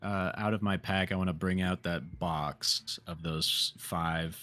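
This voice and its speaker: A man's voice: low voice, fairly even intonation, a little slow, pushed and bright, faint music behind. A man playing a tabletop game who chats eagerly, often laughs, and describes his character's actions. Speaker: player. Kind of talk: tabletop role-play chat.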